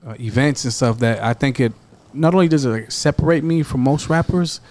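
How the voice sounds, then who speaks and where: A man, a rapper talking as a podcast guest in a relaxed, slangy way. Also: medium pitch, brisk. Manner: relaxed, slangy, says "dog" and "you know what I'm saying" a lot. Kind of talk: casual chat.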